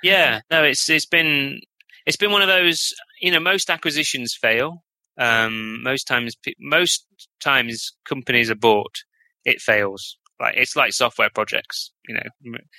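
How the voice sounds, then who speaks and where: A man's voice: mid-range voice, bright, forceful tone, no room sound. A man talking as a podcast guest in a casual, enthusiastic way, with lots of restarts and rambling. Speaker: guest developer.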